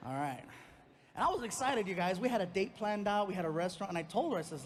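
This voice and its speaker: A middle-aged man doing stand-up comedy storytelling, animated and breaking into yelling when acting out anger. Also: high-pitched, quick pace.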